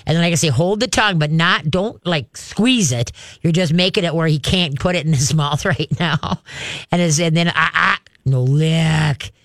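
A man hosts a call-in pet show in a slightly high, folksy voice. He rambles warmly through advice, throwing in growls and playful dog voices. The sound is close and dry. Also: normal speed, no room sound. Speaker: radio show host and pet trainer.

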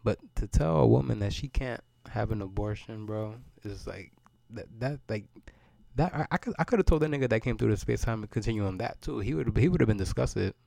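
Gravelly, cussing podcaster man. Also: lowish voice, expressive, a little fast, mellow, dry recording. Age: 30s. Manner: profane, rambling, repeats words. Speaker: podcast host. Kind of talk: solo podcast rant.

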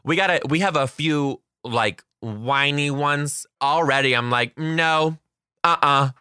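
A man who teaches kindergarten, telling classroom stories in a casual, slangy, animated way. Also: mid-range voice, a little slow, clean tone, no room sound, studio quality. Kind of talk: casual storytelling vlog.

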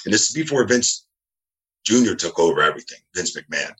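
This referee from New Jersey, USA, guests on a laid-back interview from his house via video call, wandering through stories and mimicking the people in them. His low voice has a sing-song lilt, a slightly bright quality, and a fairly quick pace.

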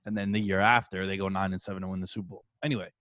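Animated man, dry close sound. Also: deep voice, rapid-fire, no room sound. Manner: animated storytelling, swears and says dude. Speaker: sports podcast host. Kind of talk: casual sports chat.

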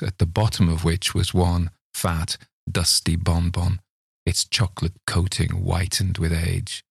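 A man narrates a story in a measured, unhurried way, his voice very low and gravelly. The recording is close and dry, with no room sound. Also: completely flat delivery, no room sound. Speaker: reader of stories.

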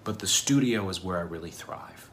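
A man's voice: sits low, moderate pace, fairly bright tone, a little hiss or hum. A man hosting his own music podcast, talking casually and rambling with lots of fillers and asides. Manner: rambling, self-deprecating, filler-heavy. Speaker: podcast host. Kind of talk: casual video podcast talk.

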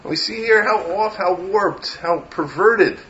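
A man, a rabbi, delivers a Torah lecture in a somewhat high voice, weaving in Hebrew terms and building to emphatic, impassioned peaks. The recording sounds a little dull and lo-fi. A faint hiss runs underneath. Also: measured pace, sharp tone.

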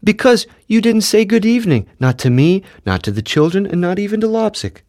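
A man voicing a firm, practical mother who calmly refuses in a storybook reading. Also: sits high, brisk, pitched above the performer's own voice. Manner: calm, stubborn refusals.

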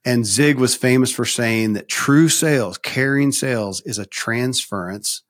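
A man's voice: medium pitch, unhurried, no echo, studio quality. A male podcast host responding to a guest in a reflective, conversational way, thinking aloud and restarting phrases. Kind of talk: conversational interview hosting.

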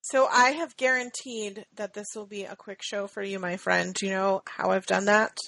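A woman's voice: medium pitch, steady tone, moderate pace, vocal fry, fairly bright tone, no room sound. A woman co-hosting a podcast in casual chat, talkative and laughing often. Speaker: podcast co-host.

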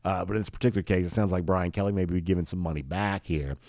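A man's voice: low voice, fast talker, a little mellow, dry recording, clean studio sound. A man hosting a daily college football talk show, rambling casually with many fillers and restarts. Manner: rambling, self-correcting, with frequent fillers. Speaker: sports show host.

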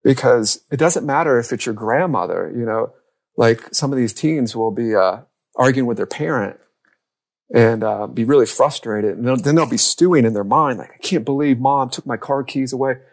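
Gravelly-voiced man coaching on a podcast. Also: medium pitch, normal speed. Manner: lively storyteller who acts out quoted lines. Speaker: youth and family coach. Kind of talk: podcast conversation.

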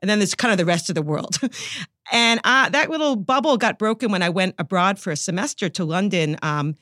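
A middle-aged woman with a New York accent, a psychology professor answering interview questions as an animated storyteller who laughs easily. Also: mid-range voice, brisk, no echo, studio quality.

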